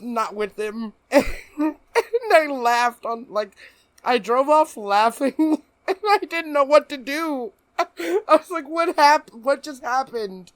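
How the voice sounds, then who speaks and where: A man's voice: extremely high pitch, expressive, slow pace, fairly bright tone, no room sound. A man co-hosting a podcast, telling a story in casual chat and laughing often as he goes. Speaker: podcast co-host.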